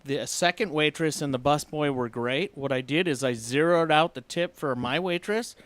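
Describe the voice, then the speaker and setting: A man's voice: fairly high pitch, moderate pace, fairly bright tone, no echo. A man co-hosting a casual radio talk show, telling emphatic, opinionated stories. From California. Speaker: radio co-host.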